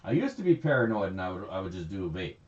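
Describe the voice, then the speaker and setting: A man's voice: deep voice, sing-song, rapid-fire, a little mellow. A man chatting casually on a livestream, rambling, laughing often and swearing freely. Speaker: livestream host. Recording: echoey, slightly dull stream audio.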